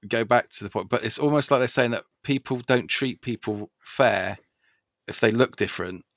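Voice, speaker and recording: A man co-hosting a casual podcast, rambling excitedly about films and laughing often. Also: medium pitch, normal speed, gravelly, no room sound, studio quality. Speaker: podcast co-host. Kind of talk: casual chat. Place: home podcast setup.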